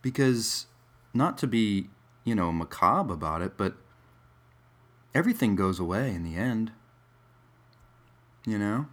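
A man's voice: fairly low pitch, expressive, a little slow, long pauses. A man musing in a casual, rambling monologue, wry and digressive, with many fillers.

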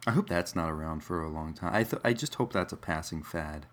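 A man's voice: very deep voice, brisk. A man musing in a casual, rambling monologue, wry and digressive, with many fillers.

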